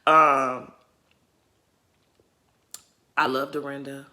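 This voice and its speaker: A woman's voice: extremely low pitch, flat delivery, very slow, bright, forceful tone. A chatty woman with a Southern American accent, in her thirties, talking casually to her channel's viewers and tagging her points with "okay?". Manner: chatty, tags lines with "okay?". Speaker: YouTuber. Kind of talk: casual chat.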